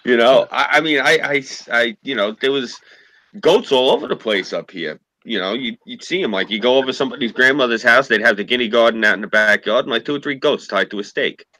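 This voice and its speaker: A man's voice: mid-range voice, brisk, pushed and bright, no room sound, low-quality recording. A man telling rambling, profane anecdotes in a casual chat, acting out what people said. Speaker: podcast co-host.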